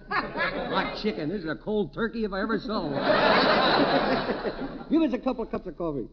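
A man's voice: high-pitched, sing-song, a little slow. An actor playing a tipsy, wisecracking man on Christmas, with slurred, rambling drunk patter, in 1940s radio comedy style. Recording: noisy dull old radio broadcast.

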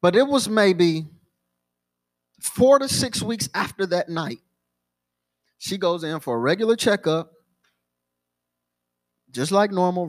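Pastor, young adult man, high voice, sermon storytelling with repeated phrases.

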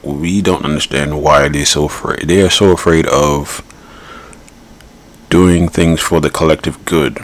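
A man's voice: rumbling low, fairly even intonation, a little slow. A man hosting a podcast, giving blunt, rambling political commentary and repeating his points. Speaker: podcast host.

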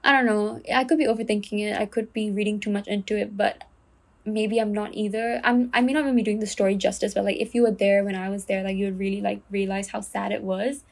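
A woman's voice: medium pitch, level tone, fast, gravelly. A young woman from Singapore with a Singaporean English accent, hosting a casual solo podcast and telling a story earnestly, with lots of fillers. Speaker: podcast host.

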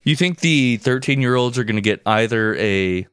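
A man co-hosting a podcast, throwing in deadpan wisecracks and banter. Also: medium pitch, moderate pace, smooth, dry recording, clean studio sound. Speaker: podcast co-host. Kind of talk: comedic banter.

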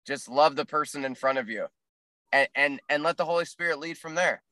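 Bright-voiced earnest man, dry sound. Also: on the high side, no room sound. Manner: earnest, halting with frequent restarts. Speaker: podcast co-host. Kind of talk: casual faith discussion.

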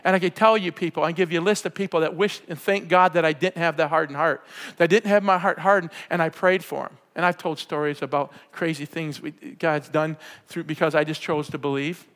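A man preaching a sermon, fervent and often yelling with excitement. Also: on the high side, a little fast. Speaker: pastor. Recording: preacher in a hall with long reverb.

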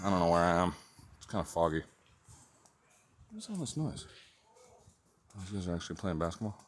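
A man's voice: low voice, big pitch swings, a little fast. A man vlogging on a walk outdoors, rambling and then ranting angrily with a lot of swearing. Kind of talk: rambling walking vlog monologue. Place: outdoors on city streets. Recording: faint street noise behind.

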